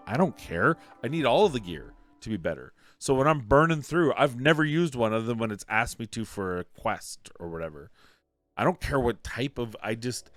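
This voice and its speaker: A man's voice: mid-range voice, no echo. Emphatic man ranting about a game. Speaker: mobile game content creator. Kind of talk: opinionated gaming commentary.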